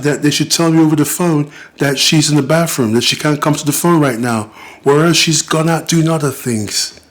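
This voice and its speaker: Speaking straight to camera, a British vlogger and dad in middle age delivers an indignant, forceful personal plea, mimicking the voices of people he quotes. He has a fairly high, slightly bright voice.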